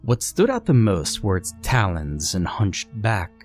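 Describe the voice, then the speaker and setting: A man narrating a scary story in a measured, dramatic storytelling way. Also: fairly low pitch, huge pitch swings, darkish tone. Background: faint music.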